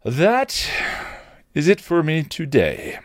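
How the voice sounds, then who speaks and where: A man hosting a podcast, reading fan fiction aloud and signing off in a relaxed, grateful way with small hesitations. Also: on the high side, takes it slowly, no room sound, clean studio sound. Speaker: podcast host.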